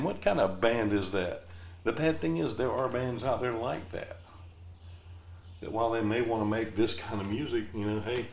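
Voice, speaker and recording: A man with a fairly low voice delivers a loose, joking podcast monologue, wandering from one thought to the next. His voice bounces around a roomy space, with a faint hiss of noise underneath. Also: a little mellow. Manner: rambling, jokey, laid-back. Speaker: podcast host. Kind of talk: casual comedic monologue.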